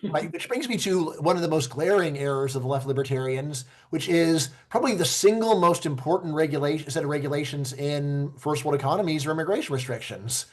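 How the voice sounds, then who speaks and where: A man's voice: on the high side, a little fast, few pauses. A man hosting a conversational discussion as an economics professor, making emphatic points with frequent "like" and "you know".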